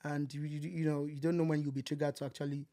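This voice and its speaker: A man from Nigeria, in his thirties, co-hosting a podcast in casual chat, animated and acting out quotes. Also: fairly high pitch, fast talker. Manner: animated, acts out quotes, repeats words. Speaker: podcast co-host.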